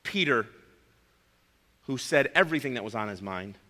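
A man's voice: mid-range voice, lively intonation, moderate pace, pushed and bright, in a large hall. A man preaching a sermon, emphatic, repeating his key phrases and calling his listeners friends.

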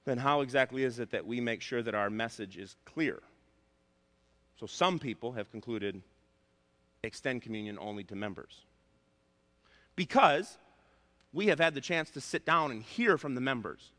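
A male pastor preaching a sermon, emphatic and repeating his key points, slowing down to stress words. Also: mid-range voice, sharp tone. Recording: long hall reverb.

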